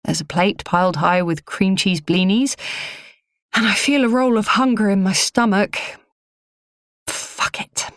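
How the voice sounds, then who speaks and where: A woman reading a first-person audiobook in a measured, low-key delivery. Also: fairly even intonation, no echo, clean studio sound. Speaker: audiobook narrator.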